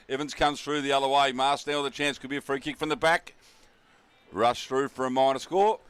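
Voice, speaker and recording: A man's voice: mid-range voice, fairly bright tone, clear, resonant tone. An Australian man calling a local football match, chatty and laid-back, with fillers and asides to his co-commentators. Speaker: play-by-play commentator.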